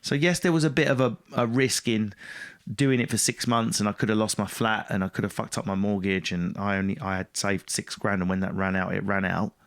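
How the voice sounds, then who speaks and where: Lowish-voiced man, blunt and lively. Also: brisk, hardly any pauses. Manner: blunt, swears freely, lively and self-mocking. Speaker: podcast guest, stand-up comedian. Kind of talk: casual interview storytelling.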